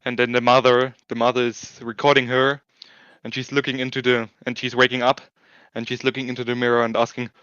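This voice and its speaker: A man chatting casually while playing a racing game, halting and restarting, laughing often. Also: mid-range voice, little pitch movement, a bit bright, smooth, dry recording, highs cut off. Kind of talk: casual chat while gaming.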